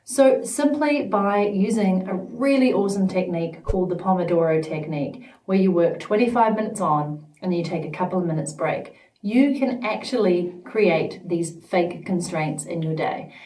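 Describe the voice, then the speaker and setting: A woman's voice: lowish voice, normal speed, dark tone. A woman vlogging straight to camera, emphatic and playful, sometimes slipping into mock voices. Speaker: vlogger and business coach. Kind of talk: direct-to-camera vlog. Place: studio at home. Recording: echoey room, mic at a distance.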